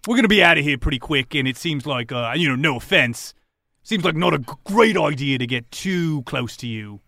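A man's voice: on the high side, animated, fairly quick, sharp tone, dry recording, studio quality. A man running a tabletop game as game master, narrating in a casual, joking way with lots of fillers.

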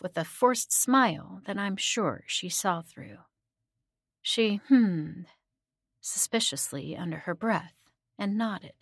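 A woman narrating a scripted horror story in the first person, soft-spoken and often dropping to a hushed whisper. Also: mid-range voice, lively intonation, slow pace, vocal fry, breathy edge, no room sound, studio quality.

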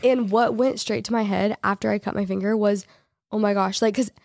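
A woman's voice: mid-range voice, steady tone, fairly quick, creaky, a little mellow, no echo, clean studio sound. A woman co-hosting a casual podcast with her husband, chatty and giggly, with a Southern US accent. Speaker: podcast co-host. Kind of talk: casual chat.

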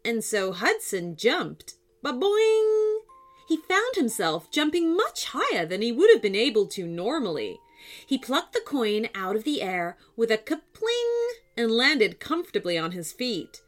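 Slow, lively woman storyteller. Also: a little high, faint music behind. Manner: animated, expressive reading with sound effects. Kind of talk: children's story narration.

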